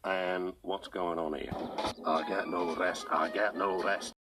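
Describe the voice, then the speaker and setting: A man voicing a deep-voiced, grumbling male engine in a children's cartoon. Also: little pitch movement, slow pace. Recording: clip from a show over music. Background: background music.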